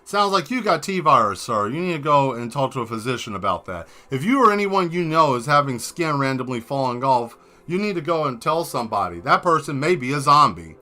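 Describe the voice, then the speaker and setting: Bright-voiced joking man streaming live. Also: mid-range voice, very animated, fairly quick, few pauses. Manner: joking, rambling, talks straight to viewers. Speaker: livestream host painting and answering chat. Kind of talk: casual livestream chat while drawing.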